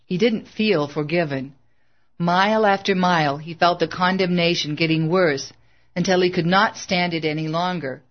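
A narrator reading a biography aloud in a steady, plain scripted style. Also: mid-range voice, normal speed, lo-fi sound.

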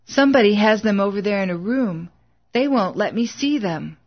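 A woman reading the part of a gravely ill young wife who speaks weakly and with resignation. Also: mid-range voice, lively intonation, moderate pace, muffled recording, close to an everyday voice. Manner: weak, resigned.

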